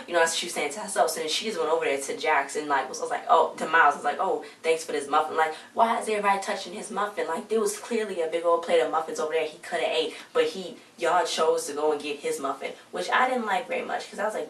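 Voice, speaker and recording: A woman's voice: fairly low pitch, quick pace. A woman casually recapping a TV episode, chatty and full of slang, acting out the characters' lines as she retells the scenes. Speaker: recap vlogger. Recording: roomy, distant home mic with faint noise.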